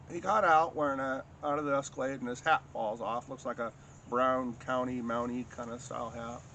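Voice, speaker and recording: A man casually telling a long personal anecdote in a rambling, halting way, full of restarts and fillers. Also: mid-range voice, a bit bright, slight background noise. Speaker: storyteller recounting a personal encounter. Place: home in a rural farming area.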